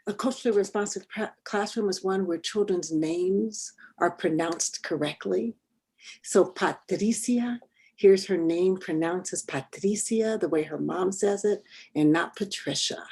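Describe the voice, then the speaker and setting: A woman who is an early childhood education expert, explaining in a measured way on a radio panel. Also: on the low side, dark tone, breathy edge.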